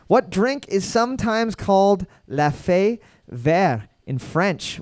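A man's voice: fairly high pitch, darkish tone, smooth, dry recording. A man hosting a comedic trivia night, reading each question twice and then riffing with crude jokes. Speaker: trivia host. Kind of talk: comedic trivia quizmaster banter.

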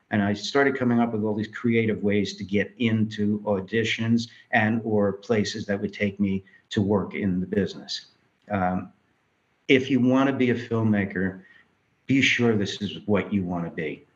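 A man's voice: on the low side, normal speed, dull audio. A man from New York, a filmmaker, telling his life story in an interview and acting out the voices of people in it. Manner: animated storyteller acting out quoted dialogue.

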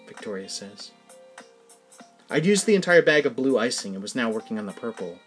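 A man, the podcast host, reading his own first-person story in a plain, even manner. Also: on the low side, moderate pace, faint music behind. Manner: plain, even storytelling, casual asides in the outro.

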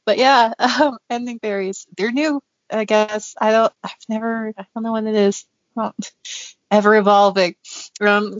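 Here a giggly woman co-hosts a podcast in a mid-range voice, her relaxed chatter peppered with fillers and frequent laughter. There's no echo, though the dry recording comes across a bit muffled.

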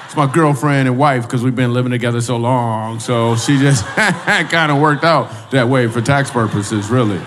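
Onstage in a church hall, this comedian ribs people in the audience and asks his questions again and again. He speaks in a mid-range voice at normal speed, barely pausing, over a noisy background, recorded distantly in an echoing hall.

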